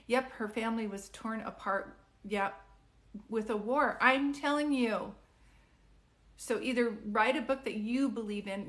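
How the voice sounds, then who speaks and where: A woman's voice: a little high, fairly bright tone. Chatty woman medium on a phone live. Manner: chatty, reassuring, full of "like" and "do you know what I mean". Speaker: psychic medium giving live readings. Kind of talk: casual live-stream reading.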